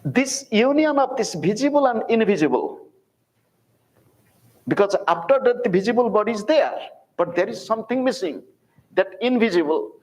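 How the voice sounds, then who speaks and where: A man in his sixties with an Indian accent, giving a public spiritual talk as a teacher, speaking deliberately with repeated phrases and rhetorical questions. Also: high-pitched, sing-song, darkish tone, poor audio. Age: 60s.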